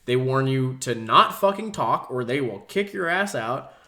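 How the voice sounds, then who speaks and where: A young man co-hosting a casual podcast. He talks at a middling pitch and wanders through a long anecdote. He curses offhandedly and slips into other people's voices when he quotes them. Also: expressive, normal speed, bright, forceful tone. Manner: rambling storyteller, swears casually. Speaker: podcast co-host.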